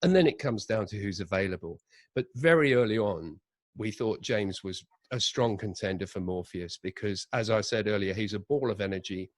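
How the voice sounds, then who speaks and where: Low-voiced man telling production stories. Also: moderate pace, no echo. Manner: animated anecdotes with acted-out quotes. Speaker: audio drama director, interview guest. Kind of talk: conversational interview storytelling.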